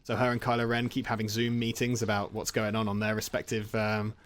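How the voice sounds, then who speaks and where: A man's voice: lowish voice, monotone, brisk, fairly bright tone. A man casually retelling film plots from memory while playing a game. He rambles, jokes and laughs often. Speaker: gaming channel host.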